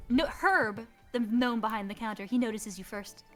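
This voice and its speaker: A woman narrating a tabletop game as game master in lively, animated speech, from a distant mic. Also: fairly high pitch, normal speed, soft background music.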